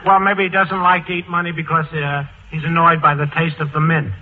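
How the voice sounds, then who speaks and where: A male comedy writer on a radio panel, pitching a gag with a lively delivery. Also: brisk. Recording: phone-like old radio broadcast, faint hiss.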